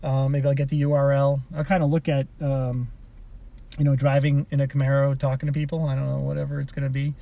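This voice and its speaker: Speaking from his car, a personal development coach rambles through a motivational story, restarting sentences and wandering into asides. His medium-pitched voice is flat, creaky and warm, and he talks at a quick pace.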